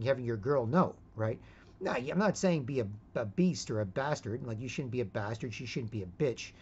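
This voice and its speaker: A man's voice: medium pitch, darkish tone, highs cut off, a little hiss or hum. A man rambling in a casual monologue, repeating words and tagging his sentences with 'right?'. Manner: rambling, repeats words and asks 'right?' often, switches into put-on quotes. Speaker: vlogger.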